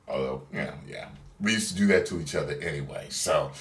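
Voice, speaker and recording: A man's voice: a bass voice, moderate pace. A young man vlogging, telling a story in a laid-back, profane, chatty way. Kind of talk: casual storytelling. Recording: roomy sound, distant from mic.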